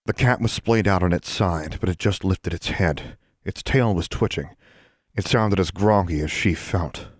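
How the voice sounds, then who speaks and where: A man narrating an audiobook in an even, measured storytelling manner. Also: sits low, dry recording, studio quality.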